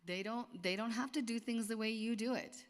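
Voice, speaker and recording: A woman's voice: on the high side, a little fast. A middle-aged woman talking casually to a group of women, chatty, with lots of restarts and asides. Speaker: speaker at a women's gathering. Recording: long hall reverb.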